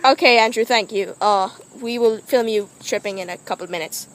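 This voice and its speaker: A woman's voice: on the high side, fairly quick, rough recording. A young woman hosting an improvised spoof documentary, playful and mock-formal as she interviews friends outdoors. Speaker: interviewer and host.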